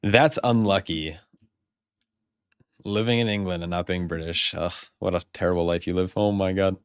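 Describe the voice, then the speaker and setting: A man's voice: low-pitched, fairly even intonation, normal speed, smooth, no echo, clean studio sound. An American man rambling casually while streaming a game, swearing freely and laughing often. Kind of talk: casual live-stream chat.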